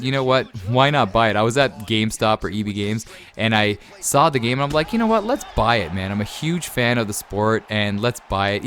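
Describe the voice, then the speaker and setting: A man's voice: mid-range voice, a bit bright. A man in his thirties hosting his gaming channel, answering viewer questions in a chatty, enthusiastic way and often tacking on "man". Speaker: YouTube gaming channel host. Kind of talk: casual Q&A chat to viewers.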